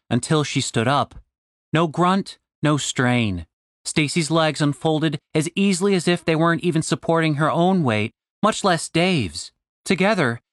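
A man narrating a comic fantasy audiobook with expressive storytelling. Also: a little high, dry recording, studio quality. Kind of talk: scripted narration.

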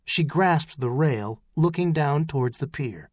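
A man reading a novel aloud as an audiobook narrator, telling the story in a measured way. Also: a little high, expressive, dry recording. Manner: measured storytelling, rising into shouts for character lines. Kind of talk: scripted narration.

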